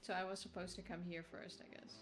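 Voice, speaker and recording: Excitable woman streaming a game. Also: fairly low pitch, fast talker. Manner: excitable, chatty. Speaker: player. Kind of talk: casual game stream chat. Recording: loud game music underneath. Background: game music.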